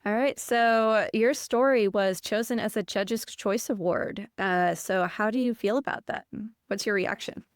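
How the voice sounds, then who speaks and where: A woman hosting a podcast interview, asking brief, measured questions. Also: mid-range voice, clear, resonant tone, no echo, clean studio sound. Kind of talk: casual interview chat.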